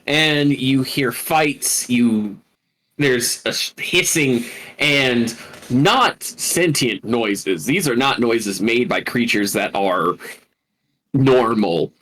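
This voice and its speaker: Slow-talking man narrating as game master. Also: medium pitch, fairly bright tone. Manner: slow, searching narration with fillers. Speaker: dungeon master.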